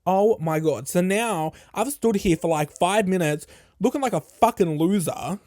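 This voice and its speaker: A male podcast host telling a casual, animated story full of swearing, acting out what other people said. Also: high-pitched, moderate pace, no echo. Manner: animated, profane, acts out quoted people.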